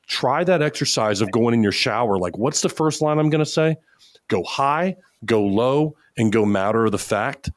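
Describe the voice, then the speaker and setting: A man's voice: lowish voice, dry recording, studio quality. A man talking as a podcast guest, giving confident coaching advice in a casual chat. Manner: confident, coaching, acts out examples. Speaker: podcast guest, media company founder.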